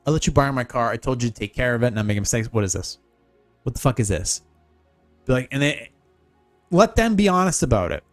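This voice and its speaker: A man hosting a solo podcast, giving blunt, sarcastic advice full of swearing. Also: mid-range voice. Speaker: podcast host.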